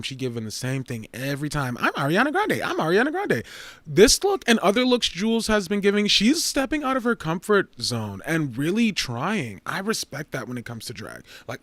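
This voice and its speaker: Sassy, swearing man reviewing drag looks. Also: no room sound. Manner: sassy, swearing, animated with pitch jumps. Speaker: fashion review host. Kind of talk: casual commentary.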